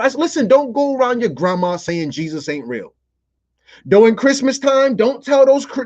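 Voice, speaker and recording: A man's voice: high-pitched, muffled recording. A man hosting a podcast, delivering a playful, profane comedic monologue full of fillers. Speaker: podcast host.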